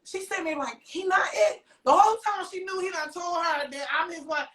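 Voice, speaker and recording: A woman's voice: extremely high pitch, fairly quick, recorded from a distance. A woman, a podcast guest, telling a story casually and acting out quoted dialogue. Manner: animated, acts out quoted dialogue. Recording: echoey room, voice from off-mic.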